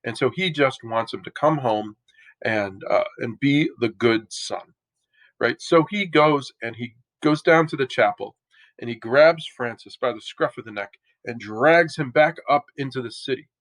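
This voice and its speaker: A man giving a lecture as a casual story, talking in a relaxed, conversational way with slangy asides. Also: mid-range voice, a little slow, rough recording.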